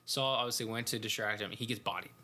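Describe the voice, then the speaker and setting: A man co-hosting a podcast in relaxed casual chat, chiming in with short agreements. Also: lowish voice, quick pace. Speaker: podcast co-host.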